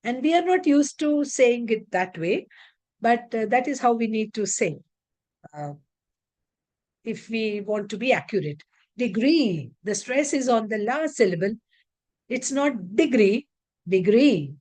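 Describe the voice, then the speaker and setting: A woman gives an English pronunciation lesson over a video call. Her pitch sits a little high and moves a lot. She talks slowly and deliberately as she reads out lists of words. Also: animated, a little mellow. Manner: slow, deliberate, reads word lists aloud. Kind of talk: online lecture on word stress.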